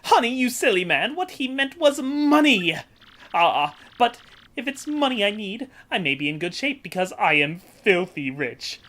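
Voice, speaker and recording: A woman's voice: mid-range voice, sing-song, a little slow, fairly bright tone. A woman voicing a flamboyant, vain, wealthy male sea trader for a game playthrough, speaking in grand theatrical exclamations. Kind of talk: voicing game dialogue for a let's play.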